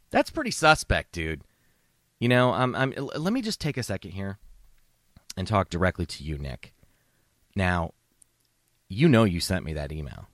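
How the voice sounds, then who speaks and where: A man's voice: on the low side, fairly bright tone, no room sound, clean studio sound. A man hosting a comedy podcast, ranting sarcastically with heavy profanity and mock outrage. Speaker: podcast host. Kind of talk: comedic rant.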